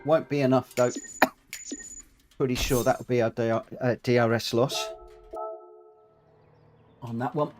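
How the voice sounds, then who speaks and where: A man's voice: mid-range voice, fairly even intonation, measured pace, long pauses, over music. A man chatting casually as he live-streams a racing game, greeting viewers and poking fun at himself, his voice worn from coughing and short of breath. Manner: chatty, self-deprecating, greets chat viewers.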